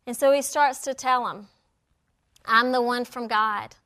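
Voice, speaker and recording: A woman teaching a Bible lesson, acting out the quoted lines with lively storytelling. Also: a little high, measured pace. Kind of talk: sermon.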